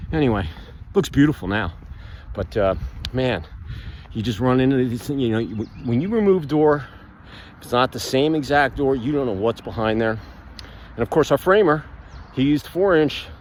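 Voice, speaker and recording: A man talking casually while walking outside, rambling with lots of fillers and animated outbursts, recorded on a phone. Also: medium pitch, slight background noise. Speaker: vlogger, builder. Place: outdoors, walking past a pool.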